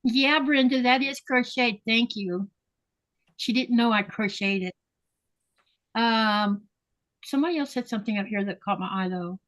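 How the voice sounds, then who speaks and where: A woman's voice: fairly high pitch, normal speed, long pauses, a bit bright. Chatty woman hosting a live sewing stream. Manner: reads viewer comments aloud, chatty. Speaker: livestream host. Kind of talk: casual live chat.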